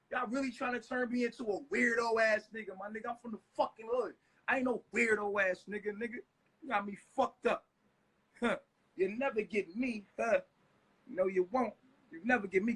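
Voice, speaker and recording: A man ranting on a live stream, agitated and profane, now and then breaking into shouts. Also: extremely high pitch, husky, low-quality recording. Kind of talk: heated live stream rant.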